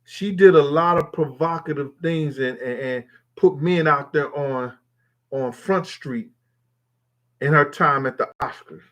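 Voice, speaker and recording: A man's voice: fairly high pitch, a little slow, fairly bright tone. A man hosting a live stream, reading viewers' comments aloud and answering them in a loose, profane, rambling way. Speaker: livestream host reading chat. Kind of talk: casual live-stream chat.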